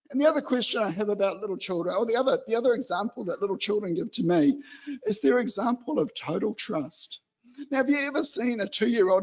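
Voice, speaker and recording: A man from New Zealand giving an animated, chatty exhortation in a church hall. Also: very high-pitched, lo-fi sound. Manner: chatty and animated, acts out excited children. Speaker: lay preacher.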